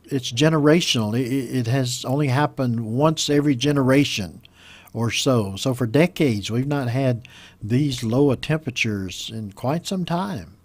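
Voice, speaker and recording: A man teaching English vocabulary and pronunciation, explaining slowly and patiently and repeating each model word. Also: medium pitch, dry recording. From United States. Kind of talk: teaching vocabulary from a news story.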